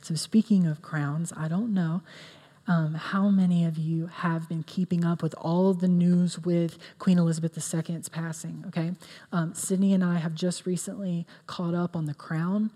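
A woman's voice: lowish voice, level tone, moderate pace, warm tone. A woman giving a sermon in an earnest, conversational way, with many fillers. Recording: long reverb of a hall.

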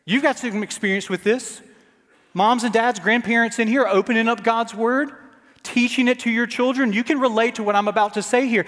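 A male pastor preaching a dramatic sermon to his congregation, sometimes dropping to soft near-whispers. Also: very high voice. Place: church sanctuary. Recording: church sanctuary with long reverb.

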